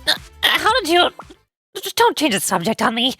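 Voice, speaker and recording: Woman voicing a high, impatient schoolgirl from a game story, insistent, close dry mic. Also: very animated, moderate pace, bright, forceful tone, no echo, soft background music, exaggerated voice. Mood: pushy.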